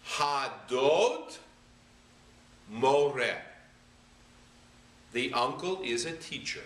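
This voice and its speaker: A rabbi patiently sounding out syllables one by one in a slow reading lesson. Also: male voice, medium pitch, fairly bright tone. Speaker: rabbi teaching Hebrew reading. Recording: echoey room, voice a bit far from the mic.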